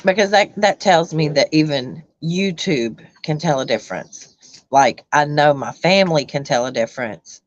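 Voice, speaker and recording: A woman chatting on a livestream, halting with many ums and restarts as she reads viewer comments. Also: sits low, no room sound, muffled recording. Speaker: YouTube livestream host. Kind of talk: casual livestream chat reading comments.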